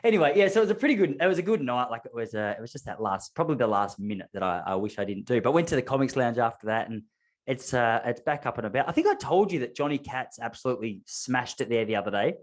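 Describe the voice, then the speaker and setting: Fast-talking man telling stories. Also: mid-range voice, animated. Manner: rambling anecdotal storytelling with self-mocking humor. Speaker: podcast host. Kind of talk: casual chat.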